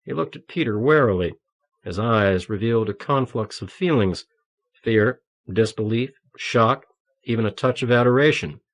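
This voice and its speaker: With a voice in the mid range, an audiobook narrator reads a novel from the page. He keeps the storytelling even and measured throughout this scripted narration.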